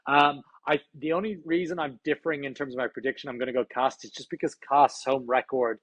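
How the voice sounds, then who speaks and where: A man's voice: mid-range voice, fairly even intonation, a little fast, a bit bright, no echo, poor audio. A man from Ireland co-hosting a rugby podcast, giving his picks in casual chat and hedging with "I think". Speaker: podcast co-host.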